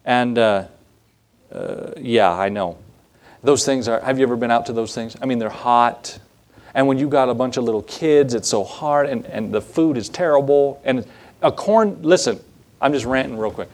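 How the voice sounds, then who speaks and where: A man's voice: medium pitch, expressive, normal speed, darkish tone. Folksy, earnest male pastor preaching. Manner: folksy storytelling, earnest and conversational. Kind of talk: sermon.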